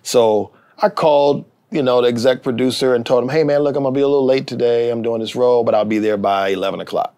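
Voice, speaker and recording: A middle-aged man, both writer and actor for television, rattles through a story at speed with few pauses, his voice mid-range. The interview is casual, and he animatedly acts out the voices of those he quotes.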